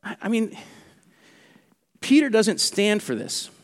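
A man preaching a sermon as pastor, animated and conversational, acting out what mockers say. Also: high-pitched, slow pace, long reverb tail. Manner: animated, acts out mockers' quotes.

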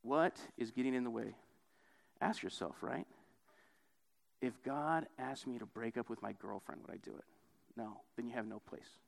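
A man's voice: normal speed, vocal fry, long pauses. A young man giving a conversational sermon, often tagging on "right?" and acting out quoted voices. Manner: casual, repeats "right?" often; acts out quoted voices with big pitch jumps. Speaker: preacher.

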